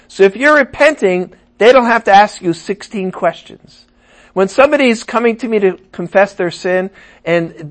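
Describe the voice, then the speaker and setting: Male preacher giving a sermon, somewhat high voice, animated, jumps between punchy emphasis and quiet asides. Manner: animated, swings from loud emphasis to muttered asides.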